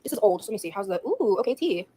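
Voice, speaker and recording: A woman's voice: mid-range voice, big pitch swings, racing, mellow, slightly rough. A woman doing a casual makeup live stream, chatty and rambling to her viewers as she works.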